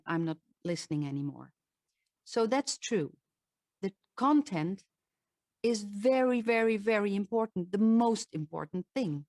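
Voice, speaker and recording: A woman with a Dutch accent, a voice coach giving a lively presentation and often correcting herself mid-sentence. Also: medium pitch, dry recording. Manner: lively, animated, with restarts and self-corrections. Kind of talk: presentation talk to an audience.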